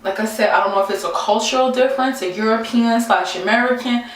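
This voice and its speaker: A young woman vlogger telling a story to camera in a casual, animated, exasperated way, acting out the quotes. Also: on the high side, fast. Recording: very echoey room, mic far off.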